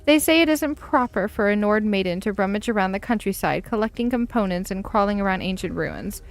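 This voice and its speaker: A woman's voice: medium pitch, lively intonation, a little fast, lightly acted. A woman voicing a cheerful, hot-tempered young Nord woman in a letter from a fantasy game. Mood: spirited. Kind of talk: reading a game letter aloud.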